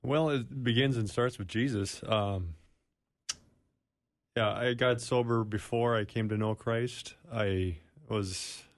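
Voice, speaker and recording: A man from Minnesota, a studio guest on a radio show, sharing his personal testimony in a halting, self-deprecating way. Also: medium pitch, no echo.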